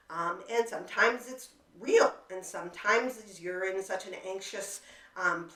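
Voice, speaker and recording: A woman's voice: medium pitch, a bit bright. Woman explaining in an echoey room. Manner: conversational, many fillers and rhetorical "right?" and "okay?". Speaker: coping skills educator. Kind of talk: casual explanatory talk. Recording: echoey room, voice somewhat far from mic.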